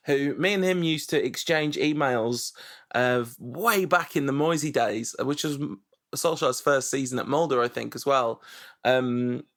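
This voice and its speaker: A man chats on a football podcast at a middle pitch. He rambles in an animated way and keeps correcting himself mid-sentence. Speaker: podcast co-host. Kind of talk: casual football chat.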